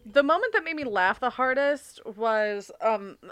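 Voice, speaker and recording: A woman's voice: fairly high pitch, animated, unhurried, fairly bright tone, clear, resonant tone. A woman co-hosting a podcast, chatting casually with many "um"s and recounting scenes. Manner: chatty, many "um"s, acts out quotes. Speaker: podcast co-host. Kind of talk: casual chat.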